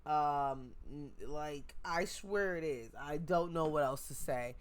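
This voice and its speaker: A woman hosting a manga reaction, reading it aloud and reacting with casual, animated comments. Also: sits low, measured pace, few pauses. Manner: animated, exclamatory.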